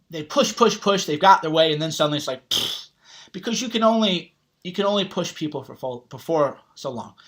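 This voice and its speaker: A man's voice: a little high, fairly bright tone. A man giving a blunt motivational talk, swearing often and tossing in "right?" as he rambles through his points. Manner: blunt, heavy swearing, casual slang; rambling, with frequent "right?" asides. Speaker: self-help author and vlogger.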